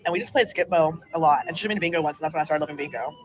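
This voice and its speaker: A woman's voice: low voice, rapid-fire. A woman telling family stories in casual chat over dinner, restaurant chatter behind. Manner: storytelling, dry quips. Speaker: podcast co-host at dinner. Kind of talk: casual chat among friends.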